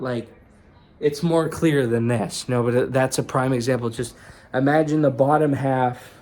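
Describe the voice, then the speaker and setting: Rambling, swearing young man vlogging. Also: mid-range voice. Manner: rambling, profane, full of "you know" and "dude". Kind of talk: casual vlog storytelling. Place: indoors in a rented room.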